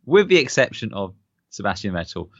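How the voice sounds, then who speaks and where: A man's voice: lowish voice, big pitch swings, brisk, a bit bright, dry recording, lo-fi sound. A man co-hosting a podcast, chatting casually and laughing often. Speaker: podcast co-host. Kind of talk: casual chat.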